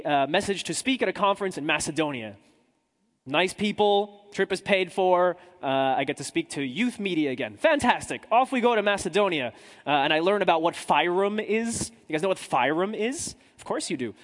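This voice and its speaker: Before a live audience, a man who works as a journalist spins a funny story in a chatty, self-deprecating way, throwing asides to the crowd. His voice is on the high side and carries a long reverb tail.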